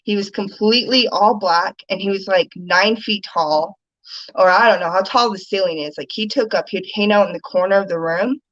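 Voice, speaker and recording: A woman's voice: medium pitch, moderate pace, a bit bright, no room sound, dull audio. A woman guest chatting casually on a video call, telling stories loosely and laughing often. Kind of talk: casual live-stream chat.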